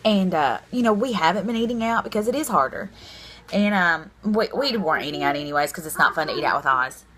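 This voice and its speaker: Candid rambling woman vlogger, low voice. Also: expressive, fairly quick, a bit bright. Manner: candid, rambling, self-deprecating. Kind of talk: casual diet vlog.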